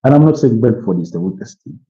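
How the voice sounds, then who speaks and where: This Ugandan watch-along host speaks fast in a lowish, dark, animated voice, though he is tired and keeps yawning. He rambles through casual football commentary and opinions, heavy on "you know," and the stream sound is muffled and lo-fi.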